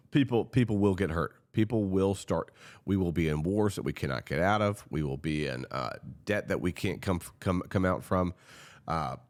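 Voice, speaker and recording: A man's voice: low voice, darkish tone. A man giving impassioned political commentary, earnest and frustrated, pleading directly with his viewers.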